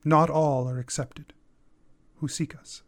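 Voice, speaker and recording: A man voicing a calm, solemn masked woman of a wandering family, who speaks slowly and cryptically. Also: on the high side, no echo, studio quality. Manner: slow, measured, cryptic.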